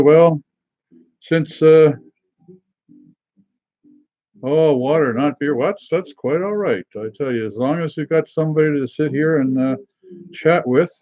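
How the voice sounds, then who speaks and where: A middle-aged man hosting a live beer tasting stream, chatting casually with many pauses and fillers and greeting viewers by name. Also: on the high side, no echo, lo-fi sound.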